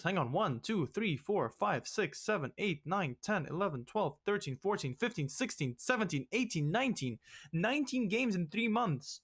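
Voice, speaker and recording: A young man hosting a let's play, ranting in exasperation and swinging loud and high when upset. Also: animated, moderate pace, husky. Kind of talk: ranting game commentary.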